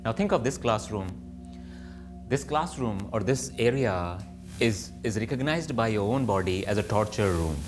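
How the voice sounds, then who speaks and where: A man's voice: on the low side, animated, moderate pace, over music. A man teaching yoga, reflective, asking and answering his own questions. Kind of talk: spoken yoga lesson.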